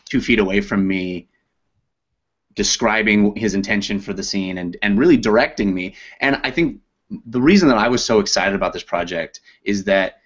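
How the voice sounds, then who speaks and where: Low-voiced man, self-deprecating actor. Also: moderate pace, lo-fi sound. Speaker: audiobook narrator and actor. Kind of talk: casual interview chat.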